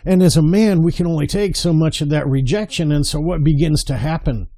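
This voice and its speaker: A man's voice: fairly high pitch, a little fast, dark tone. A middle-aged man preaching passionately to men about marriage, stressing and repeating his words and calling listeners brother. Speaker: men's marriage speaker. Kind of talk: impassioned sermon-style address to men.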